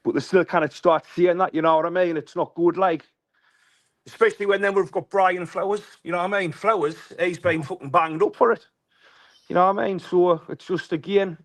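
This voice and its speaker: A man's voice: sits high, fairly even intonation, fairly quick. A man with a northern English accent calling in to a live stream, ranting bluntly with heavy swearing and repeating himself. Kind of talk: casual ranting call-in.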